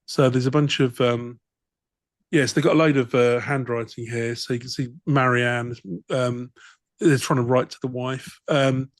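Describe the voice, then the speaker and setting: A man's voice: mid-range voice, level tone, measured pace, no room sound. Dry-voiced man reading with wry asides. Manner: dry, wry, reads in bursts then riffs. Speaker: podcast co-host. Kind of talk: reading a document aloud with comic asides.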